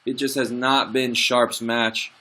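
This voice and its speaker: A young man narrating his own football management game like a commentator. His voice is bright and ringing, his pitch sits mid-range for a man, and his excited calls give way to frustrated muttering about his team. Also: takes it slowly. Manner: excitable, frustrated, swings from play-by-play to grumbling asides. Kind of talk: let's play commentary.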